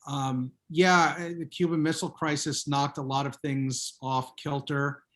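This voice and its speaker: A man speaking as a guest author on a video call, telling relaxed anecdotes in a chatty way. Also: medium pitch, a little slow. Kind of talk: casual Zoom talk.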